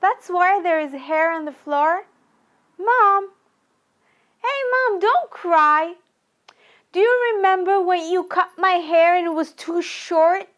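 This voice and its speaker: A woman's voice: extremely high pitch, measured pace. A woman from Iran, performing a first-person monologue in the voice of her younger self, plaintive and repetitive. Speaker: storyteller.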